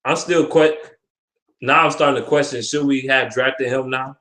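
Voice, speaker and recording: A man's voice: medium pitch, fairly even intonation, moderate pace, bright, forceful tone. A young man ranting with frustration about his football team, profane and repetitive. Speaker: sports fan vlogger. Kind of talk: ranting sports commentary. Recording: echoey room.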